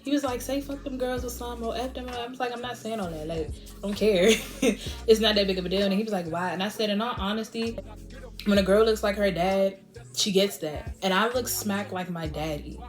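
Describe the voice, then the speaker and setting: A young woman vlogger telling a storytime with animated delivery, laughing often and acting out what others said. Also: medium pitch, brisk, soft background music. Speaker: beauty vlogger. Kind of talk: storytime vlog.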